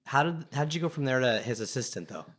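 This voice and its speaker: A man's voice: mid-range voice, expressive, fast talker, fairly bright tone. A man hosting a casual interview, asking eager follow-up questions. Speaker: host.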